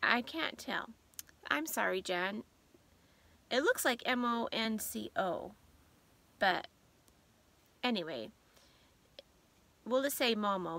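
Bright, slow-talking gushing woman vlogger. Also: on the high side, animated, creaky. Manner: gushing and sentimental, reads aloud haltingly. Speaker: vlogger host. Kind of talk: casual vlog chat.

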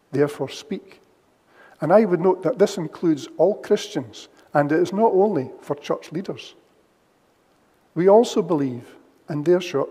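Male preacher, slightly higher voice, measured and emphatic, church livestream with long reverb. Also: warm tone, breathy edge. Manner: measured, emphatic, repeats key phrases. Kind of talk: sermon.

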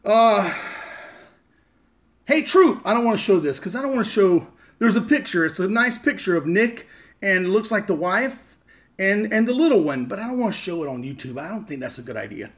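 His high voice has lively intonation and a slightly bright tone, and his pace is fairly quick. Streaming live from his Las Vegas home, he opens fan mail while chatting, joking, and rambling with plenty of profanity.

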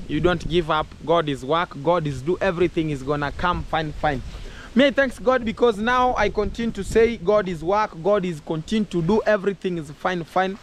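A Kenyan man with a high, eager voice talks straight to his viewers from his farm. He keeps slipping Swahili into his English and repeats himself out of excitement. A faint wash of outdoor noise sits under the voice. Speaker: vlogger. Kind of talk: casual farm vlog.

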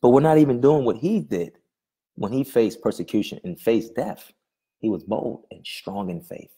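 Husky low-ish guy preaching hard, keeps asking questions, trips over words, warm dark tone. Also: lively intonation, normal speed. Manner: fervent, repeats questions, stumbles and restarts words. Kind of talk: sermon.

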